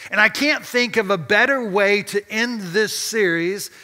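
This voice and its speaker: A man, a pastor, preaching a sermon and telling a story with lively restarts and repeated words. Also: high-pitched, a little slow, big-room sound. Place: church sanctuary.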